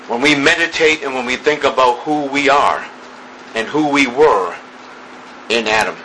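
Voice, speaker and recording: A man preaching an evening sermon, slow and emphatic, building through repeated phrases. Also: on the high side, animated, pushed and bright, a little hiss or hum, poor audio.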